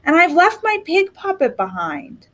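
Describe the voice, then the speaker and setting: A woman's voice: very high-pitched, wildly swooping pitch, a little slow, fairly bright tone, voice pushed up, exaggerated voice. A woman reading aloud, voicing a determined, stubborn young girl who insists on what she knows. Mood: worried. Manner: insistent, earnest.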